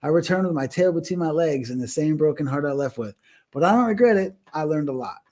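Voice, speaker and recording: A man's voice: fairly high pitch, fast talker. A young man co-hosting a podcast, telling a personal story in casual chat and acting out the voices. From United States. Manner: animated, acts out voices in stories. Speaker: podcast co-host.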